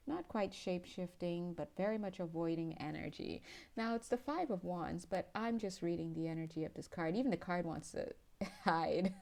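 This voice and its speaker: A woman's voice: mid-range voice, dark tone. A woman giving a pick-a-card tarot reading, chatty and playful, laughing often and sounding a little tired. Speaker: tarot reader.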